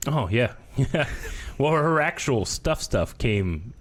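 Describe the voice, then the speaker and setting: Animated storytelling man in his thirties. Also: takes it slowly. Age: 30s. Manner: animated storyteller, does high-pitched voices in quoted speech. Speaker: podcast co-host. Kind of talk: casual chat.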